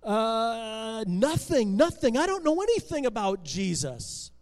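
A man voicing an anxious, earnest young boy in a storytelling, speaking in a high, strained, pleading way. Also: expressive, moderate pace, a little mellow. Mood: frightened.

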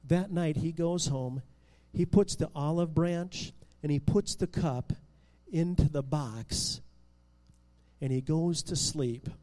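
A male storyteller with a high voice recounts a Bible story with lively drama, stumbling into restarts and rising and falling in loudness. His voice carries a long reverb. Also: slow pace. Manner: expressive, with restarts and swings in loudness.

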